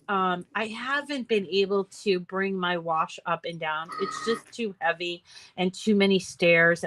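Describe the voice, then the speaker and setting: An older woman hosts a crafting video, chatting in a rambling, self-deprecating way as she works. Her voice is lowish with a sharp edge, and the recording is rough.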